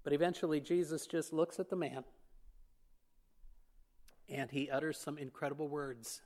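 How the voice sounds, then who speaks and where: High-voiced male preacher telling a story. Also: moderate pace, long pauses. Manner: expressive storytelling, acting out quoted lines. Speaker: pastor. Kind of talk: sermon.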